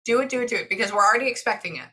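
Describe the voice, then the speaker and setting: A Texan woman giving a medium's reading in an animated, chatty way, often pausing to listen. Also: a little high. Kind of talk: casual spoken reading session.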